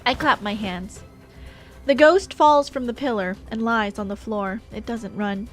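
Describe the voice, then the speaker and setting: A woman's voice: a little high, measured pace, faint music behind. A woman streamer reading a game's story aloud in a playful, chatty way. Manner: playful, laughing between lines.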